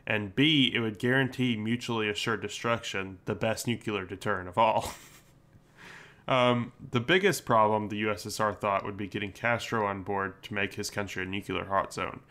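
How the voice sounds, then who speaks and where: A man's voice: fairly low pitch, steady tone, normal speed, sharp tone. A young man with a Southern accent, telling history in a rambling, casual way as a podcast co-host. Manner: rambling, laid-back storytelling with fillers.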